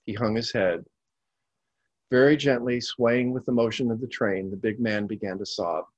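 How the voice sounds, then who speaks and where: Calm male narrator reading stories, husky voice, dry close sound. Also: mid-range voice, normal speed, no room sound, dull audio. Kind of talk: scripted storytelling narration.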